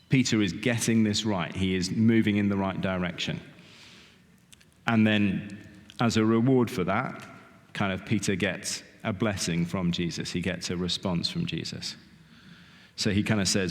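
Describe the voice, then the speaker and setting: Middle-aged guy giving a chatty sermon, low voice, echoing church hall. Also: fairly even intonation, unhurried. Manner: conversational, frequent "kind of" and "okay?". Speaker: lay preacher. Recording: long reverb of a church hall.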